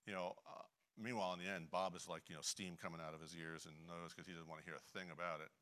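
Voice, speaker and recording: A middle-aged man preaching a conversational sermon, full of "you know" fillers and frequent throat clearing. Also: deep voice, little pitch movement, fast talker, bright, forceful tone. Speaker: Bible teacher. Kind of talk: conversational sermon with a personal story.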